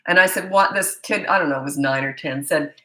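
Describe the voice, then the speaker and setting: During a live session, a woman in her fifties who coaches parents responds bluntly and conversationally to viewer questions, stumbling into restarts. Her low voice is brisk, pushed, and bright, with heavy reverb on a low-quality recording.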